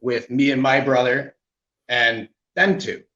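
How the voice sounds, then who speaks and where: Canadian man guest, candid personal storytelling, mid-pitched, slightly muffled lo-fi audio. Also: takes it slowly. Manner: animated, with frequent "right?" asides. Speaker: podcast guest.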